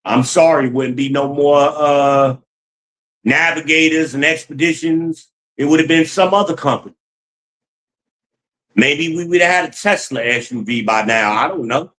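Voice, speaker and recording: A man's voice: fairly high pitch, unhurried, a bit bright, rough recording. A man hosting a livestream. He reads chat aloud, cusses freely, laughs often and calls his viewers y'all. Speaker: livestream host reading chat. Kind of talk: casual livestream commentary.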